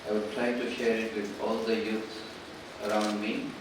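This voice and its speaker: A man in the audience giving brief earnest, measured remarks. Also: lowish voice, little pitch movement. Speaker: audience member. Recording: echoey hall, distant, background noise.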